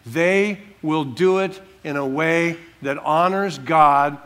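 A man preaching an expository sermon as pastor, emphatic, slowing down to stress key words. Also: fairly high pitch, a bit bright, smooth.

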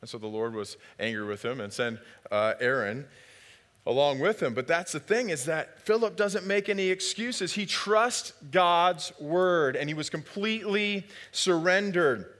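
A man preaching a sermon, lively and conversational, who acts out biblical dialogue in different voices. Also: a little high, a little slow. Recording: long hall reverb.

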